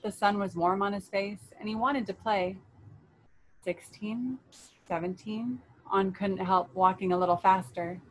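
A woman leading a children's story and meditation, reading aloud in a gentle, soothing way. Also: medium pitch, flat delivery, moderate pace, hardly any pauses, slight background noise, rough recording.

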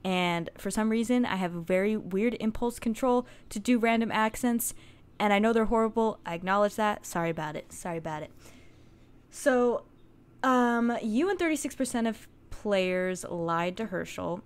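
Young American woman, let's play host, chatty and jokey, a little high-pitched. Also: normal speed, clear, resonant tone. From United States. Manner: chatty, swears, laughs, jokey. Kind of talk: casual gameplay commentary.

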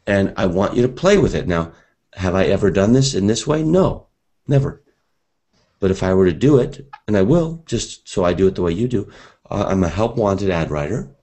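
A man's voice: sits low, mellow. A man teaching a live seminar, talking energetically and conversationally and speaking directly to his audience.

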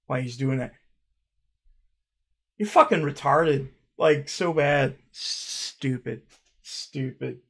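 Gravelly, husky man mocking comments. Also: medium pitch, takes it slowly, long pauses, fairly bright tone. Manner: sarcastic, profane and mocking, with frequent laughing; stammering restarts. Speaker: YouTuber reacting to comments. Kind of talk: casual reaction vlog.

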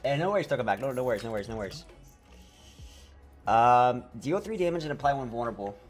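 A man commenting on his own gameplay for a live stream, with a middle-range voice. He talks straight to his viewers, gets excited, and trips over his words as he goes. Faint game music plays under him. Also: medium pitch, quick pace.

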